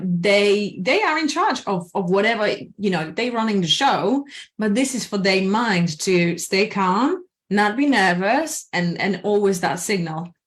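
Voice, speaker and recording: A woman coaching on anxiety in a casual, animated talk, slowing down to count breaths and acting out anxious and calm inner voices. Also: medium pitch. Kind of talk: casual guided presentation.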